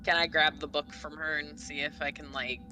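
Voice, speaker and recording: A tabletop game player, animated and jokey, chatting in and out of character. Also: mid-range voice, fairly quick, soft background music, rough recording. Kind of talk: casual tabletop play.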